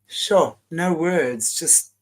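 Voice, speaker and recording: A woman hosting an interview, answering in an emotional, halting way with many restarts. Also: low voice, lively intonation. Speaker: host. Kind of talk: interview conversation.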